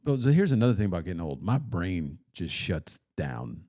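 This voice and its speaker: A man's voice: sits low, sing-song, moderate pace, mellow, no echo, clean studio sound. A man co-hosting a podcast, chatting casually and telling rambling, self-deprecating stories into a podcast mic. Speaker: podcast co-host.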